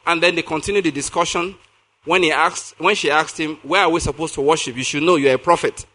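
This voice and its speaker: A man's voice: fairly high pitch, fairly quick, sharp tone. A man preaching a sermon, reading scripture aloud, explaining it with emphasis and asking his listeners questions. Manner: emphatic, repeats key phrases, asks the audience questions.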